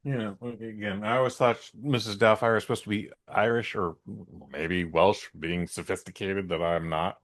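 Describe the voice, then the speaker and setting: A man's voice: lowish voice, fairly even intonation, normal speed, hardly any pauses, a bit bright. A man co-hosting a podcast in casual banter, joking and often stammering as he restarts his sentences. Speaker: podcast co-host.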